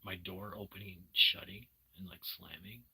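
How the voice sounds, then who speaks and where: Brief: male live streamer, husky low voice, slow and laid back, casual late-night chat to viewers, swears freely. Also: flat delivery, pushed and bright. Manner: loose, swears casually, gropes for words. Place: at home at night.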